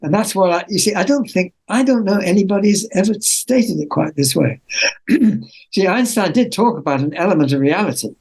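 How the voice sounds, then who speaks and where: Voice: medium pitch, expressive, normal speed, darkish tone, husky, rough recording. A speaker in an interview, talking in a chatty, self-correcting way. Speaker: physicist interviewee. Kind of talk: interview answer.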